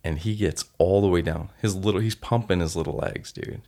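A man's voice: sits low, fairly quick, dark tone. A man hosting a solo podcast, telling stories in an earnest, heartfelt way. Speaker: podcast host.

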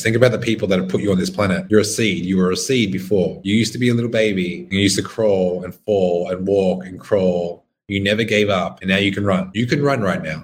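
A young man hosting a podcast, giving a blunt, swearing motivational monologue. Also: fairly low pitch. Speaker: podcast host.

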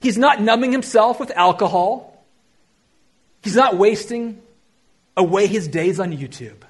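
Delivering an animated sermon, this male pastor's high, husky voice ranges widely in pitch. He alternates forceful, loud outbursts with quiet, slowed-down passages.

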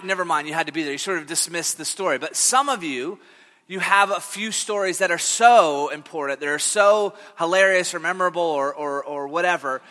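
A man's voice: high-pitched, bright, forceful tone, in a large hall. A man giving a sermon as pastor, telling stories in a loose, conversational way with many fillers and restarts. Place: church sanctuary.

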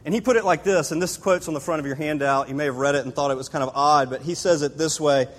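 A man's voice: a little high, fairly even intonation, fast talker. A man preaching a conversational sermon, telling a personal story with casual asides to the congregation. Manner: casual, storytelling, speaks straight to the audience with asides. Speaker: pastor. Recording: long hall reverb.

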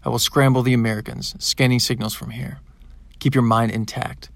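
A man's voice: medium pitch, level tone, moderate pace, vocal fry, fairly bright tone, dry recording. A man voicing a blunt, commanding old reptilian grandfather in an audiobook. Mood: stern.

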